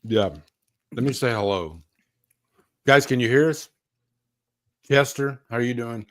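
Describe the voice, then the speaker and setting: A man's voice: medium pitch, measured pace. A man hosting a live horror news stream, chatting casually and laughing often. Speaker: podcast host.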